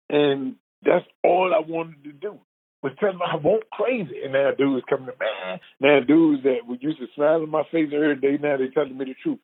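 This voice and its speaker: Guest storyteller, man, husky mid-pitched voice, earnest, stumbles over repeated words when moved, phone-quality sound. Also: brisk. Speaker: guest telling his life story. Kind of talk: emotional personal storytelling. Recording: phone-like narrow band.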